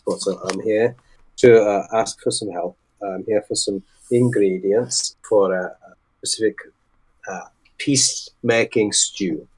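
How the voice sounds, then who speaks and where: A man voicing a formal, apologetic dark elf paladin in a tabletop game, speaking politely with many hesitations. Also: on the low side, pitched below the performer's own voice, poor audio. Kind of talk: in-character tabletop role-play.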